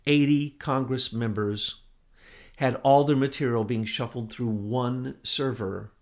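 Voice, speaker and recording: A man giving impassioned political commentary as co-host, with loud, emphatic bursts that rise and fall. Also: medium pitch, steady tone, unhurried.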